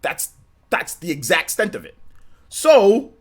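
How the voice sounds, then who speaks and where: A young man hosting a gaming livestream, telling a story in a casual, animated way, laughing and exclaiming as he thanks viewers. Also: sits high, measured pace. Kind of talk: casual storytelling with chat shout-outs.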